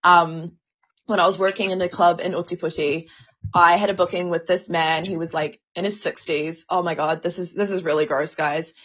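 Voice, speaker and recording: A woman's voice: on the low side, steady tone, moderate pace, fairly bright tone, muffled recording. A woman co-hosting a casual podcast, talking with feeling, stammering and swearing a lot. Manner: emotional, stammering, swears often. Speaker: podcast co-host.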